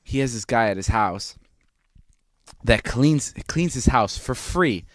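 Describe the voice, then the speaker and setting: A man's voice: medium pitch, lively intonation, takes it slowly, dry recording, studio quality. A young man co-hosting a podcast, telling a rambling story in casual chat, repeating words and swearing freely. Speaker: podcast co-host.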